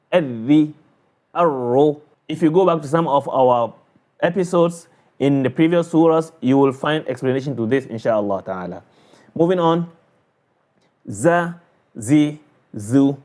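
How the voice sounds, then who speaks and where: Male tutor, a bit high-voiced, unhurried, drills sounds slowly and patiently for a lesson video. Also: darkish tone. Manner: patient, repetitive, explains then drills syllables. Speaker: Quran recitation teacher. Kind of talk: slow drilling of letter sounds.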